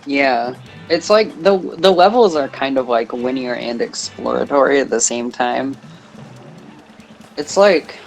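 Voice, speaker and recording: A woman's voice: very deep voice, unhurried, gravelly, faint music behind, low-quality recording. A woman joining a game stream, musing at length about game design and filling her sentences with "like". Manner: analytical, rambles with lots of "like". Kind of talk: casual chat on a game stream.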